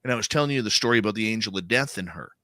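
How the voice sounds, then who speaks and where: A male radio host with a bright, forceful voice that swings widely in pitch. He talks in an animated, emphatic way, full of fillers. The sound is dry and close-miked. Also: racing, dry recording. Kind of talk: conversational interview talk.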